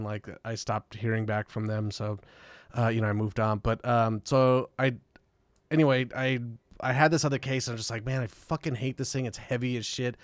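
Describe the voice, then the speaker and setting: Casual male guest, loose storyteller who swears a lot, smooth resonant tone, close dry mic. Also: mid-range voice, a bit bright, no room sound. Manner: rambling, swears freely, laughs often. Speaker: podcast guest, musician. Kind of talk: casual podcast chat.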